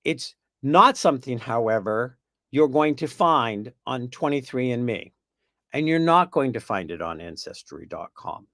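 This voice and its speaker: In a dry recording, a man with a medium-pitched, fairly bright voice and some vocal fry hosts a spiritual panel on a video call. He's expressive and unhurried, chatting in a meandering way with playful asides, and his voice is going.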